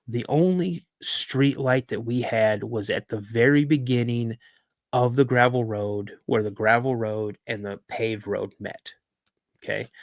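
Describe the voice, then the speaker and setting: A man, a podcast host on as a guest, telling a story in a casual, animated way, acting out the voices he quotes and using plenty of fillers. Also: mid-range voice, dry recording.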